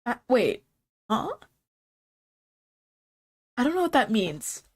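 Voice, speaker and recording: A woman's voice: a little high, big pitch swings, takes it slowly, husky. Young woman streamer, congested and nasal-sounding, loose rambling chat. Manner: chatty, rambling, laughs often.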